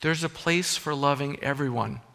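Bright-voiced man preaching in a hall. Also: on the high side, moderate pace, gravelly. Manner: earnest preaching, rising emphasis with frequent restarts. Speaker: pastor. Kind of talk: sermon.

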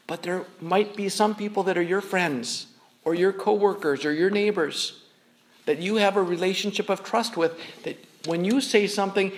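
High-voiced man preaching a sermon. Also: a little hiss or hum. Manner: earnest, conversational preaching with frequent word repeats. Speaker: pastor.

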